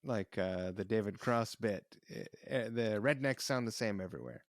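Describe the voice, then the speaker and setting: A man's voice: lowish voice, moderate pace, dry recording, studio quality. A man hosting a podcast in a laid-back, chummy, profane way, chatting casually from home. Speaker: podcast host. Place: home on the East Coast.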